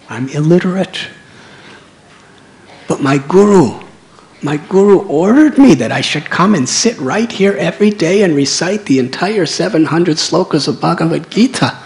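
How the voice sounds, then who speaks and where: A man in his sixties voicing a humble, illiterate, devout man, soft and earnest. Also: a little high, normal speed, natural voice. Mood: tender. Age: 60s.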